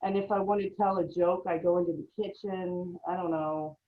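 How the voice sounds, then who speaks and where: Animated, lower-voiced woman panelist. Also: moderate pace. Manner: animated, talkative, self-deprecating. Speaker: creative writing faculty panelist. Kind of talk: casual panel discussion. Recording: slightly muffled audio.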